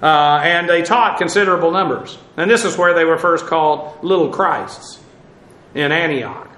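A man's voice: fairly high pitch, moderate pace, pushed and bright, roomy sound, low-quality recording. A man teaching an informal Bible class in a conversational way, with many fillers and dry asides.

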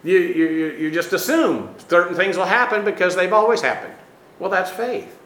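A man's voice: high voice, moderate pace, fairly bright tone, echoey room, poor audio. A man preaching an expository sermon, teacherly and emphatic, with frequent filler sounds. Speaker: pastor.

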